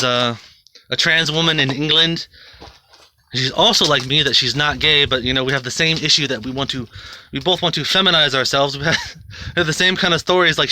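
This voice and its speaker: Sharp-voiced man in a profane ramble. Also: a little high, slight background noise. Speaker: video host. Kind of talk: casual monologue.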